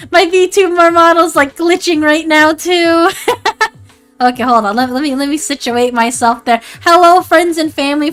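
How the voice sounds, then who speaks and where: A young woman with a high voice chats on a livestream, rambling and animated. She leans on filler words, swears freely and keeps the talk loose and unscripted. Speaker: VTuber streamer. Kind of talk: casual livestream chat.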